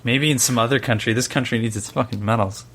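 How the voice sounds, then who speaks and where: A man's voice: mid-range voice, fairly even intonation, quick pace, fairly bright tone. Joking young man hosting a podcast. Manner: joking, teasing. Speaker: podcast host reading listener questions. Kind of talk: casual podcast banter.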